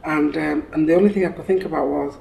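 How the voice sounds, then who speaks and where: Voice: medium pitch, steady tone, quick pace, vocal fry, mellow, poor audio. An interviewee from Africa who answers thoughtfully and hesitantly, with many fillers.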